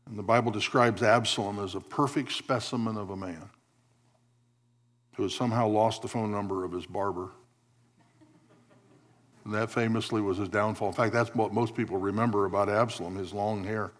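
A man's voice: fairly low pitch, steady tone, normal speed, long pauses. A man preaching a sermon, telling a story with wry asides and acting out the lines of the figures in it. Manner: storytelling preacher, acts out quotes, wry humor. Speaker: pastor.

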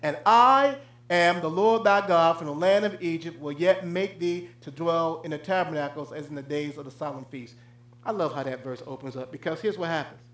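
A male pastor preaching a sermon, swinging between loud, raised declarations and low, hushed asides. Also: moderate pace, reverberant.

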